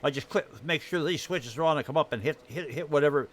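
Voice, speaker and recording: A man's voice: on the high side, fast talker, a bit bright. Chatty man with a dry throat. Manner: rambling, chatty, greets viewers while showing his build. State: dry, irritated throat with coughing. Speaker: game streamer. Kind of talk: casual live-stream commentary.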